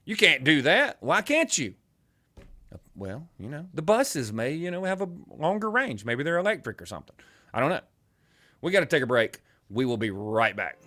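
Twangy Alabama talk radio host. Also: male voice, mid-range voice, a little fast. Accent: Southern US (Alabama). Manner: animated, rambling, joking asides. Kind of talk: casual talk radio banter.

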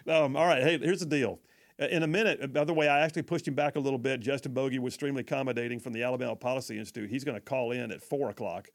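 Folksy talk radio host. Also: male voice, medium pitch, fairly even intonation, rapid-fire. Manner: folksy, chatty, stumbles over words. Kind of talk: talk radio reading listener texts.

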